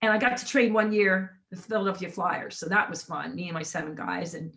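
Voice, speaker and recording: A woman in her forties, an author telling a lively story in conversation and acting out the people in it. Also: fairly low pitch, a little fast. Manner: animated storyteller, acts out quotes with big jumps. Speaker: author guest.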